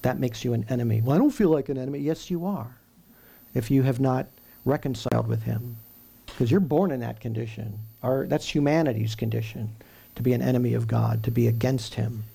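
Gravelly-voiced man preaching a sermon. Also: mid-range voice, fairly even intonation, warm tone. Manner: emphatic, with rhetorical questions and slow stressed lists.

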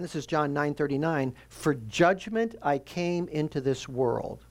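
A man preaching a sermon, his voice sitting a little high with a rough, gravelly edge. He teaches earnestly and slows down to lean on the phrases he wants to land. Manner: earnest teaching with slow emphatic stresses. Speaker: pastor.

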